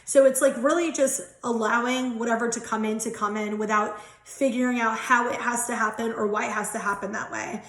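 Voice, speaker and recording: Uma mulher de uns trinta e poucos anos faz uma leitura de cartas espirituais em tom de conversa, falante, risonha e com palavrões soltos. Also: female voice, fairly high pitch, fairly even intonation, a little fast, hardly any pauses, fairly bright tone, roomy sound. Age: 30s. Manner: chatty, giggly, swears casually. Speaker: tarot and angel card reader. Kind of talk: casual spiritual card reading.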